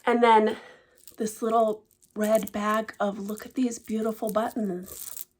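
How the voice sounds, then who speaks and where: A woman talks through a haul of stitching gifts in a casual vlog. She gushes, and her voice often drops to a soft, breathy hush when she's moved. Her pitch sits in an ordinary middle range. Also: little pitch movement, slow pace. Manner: gushing, emotional, often hushed and breathy with delight. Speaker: cross-stitch vlogger. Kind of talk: casual show-and-tell vlog.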